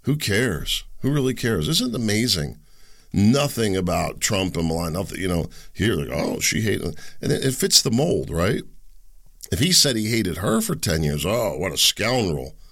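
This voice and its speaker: A man with a low, gravelly voice delivers a solo political commentary. He rambles and speaks with sarcasm, stopping to mock the people he talks about. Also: big pitch swings, moderate pace, a bit bright. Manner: rambling, sarcastic, mocks others in high sneering voices.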